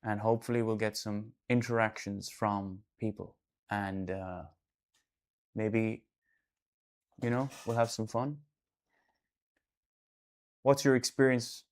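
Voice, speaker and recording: An Irish artist hosting a casual live stream, rambling loosely and breaking into sudden loud bursts now and then. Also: male voice, on the low side, fairly even intonation, takes it slowly, pauses often. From Ireland.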